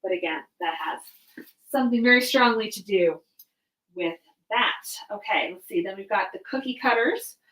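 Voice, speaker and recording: A woman's voice: mid-range voice, moderate pace, a bit bright, low-quality recording. Young woman, rambling live-stream chat, lots of ums, slightly worn voice. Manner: rambling, chatty, many fillers. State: voice going hoarse. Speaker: author hosting a live stream. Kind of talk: casual live-stream chat while packing boxes.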